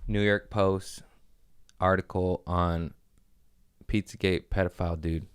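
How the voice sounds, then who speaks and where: A man's voice: deep voice, measured pace, smooth, dry recording, studio quality. A man hosting a podcast in casual chat, rambling and profane, acting out what people said. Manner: profane, rambling, quotes people in animated voices. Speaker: podcast host.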